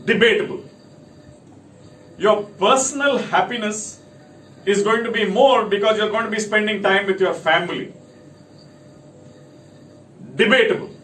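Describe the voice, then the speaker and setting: A man's voice: sits high, normal speed, fairly bright tone, far from the mic. Emphatic man in an echoey room. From India. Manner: emphatic, lists points. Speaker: company speaker. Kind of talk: talk to camera. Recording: echoey room, from off mic, faint noise.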